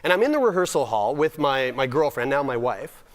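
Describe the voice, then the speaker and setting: A man's voice: medium pitch, big pitch swings, brisk. A young man from Nova Scotia giving a humorous personal storytelling talk at a summit, self-deprecating with comic timing and frequent restarts. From Nova Scotia, Canada. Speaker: summit speaker.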